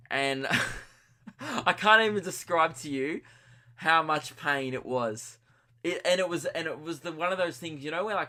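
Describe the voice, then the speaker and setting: A man's voice: on the high side, bright, forceful tone. An Australian man hosting a podcast, telling a rambling comic story with chuckles and self-mocking asides. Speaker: podcast host. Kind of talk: comedic storytelling monologue.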